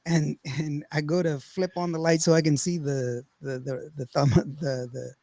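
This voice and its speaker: A man with a drawl hosts a podcast, telling a long, rambling story and acting out quotes along the way. His voice sits a little high for a man. The recording is close and dry, with no room sound. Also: moderate pace, creaky, no echo. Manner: rambling, animated, laughs often, acts out quotes. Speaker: podcast host. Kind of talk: casual storytelling chat.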